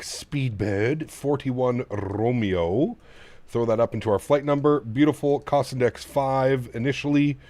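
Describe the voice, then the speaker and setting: A man's voice: mid-range voice, darkish tone. A man from Canada hosting a casual live flight-sim stream, cooing to his dog and talking through cockpit setup steps.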